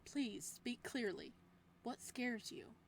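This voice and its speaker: A woman voicing a possessive male librarian who holds someone captive, reading the lines of a visual novel slowly and gently. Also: a little high, lively intonation, gravelly, slight background noise, heavily acted. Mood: cold menace. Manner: slow, gentle, controlled, with menace beneath. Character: possessive soft-spoken male librarian captor.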